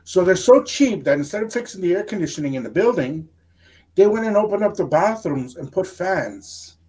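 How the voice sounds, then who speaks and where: A middle-aged man co-hosts a podcast, telling stories in a relaxed, easygoing way during casual chat and slipping in a little Spanish. His voice sits high and he keeps a moderate pace.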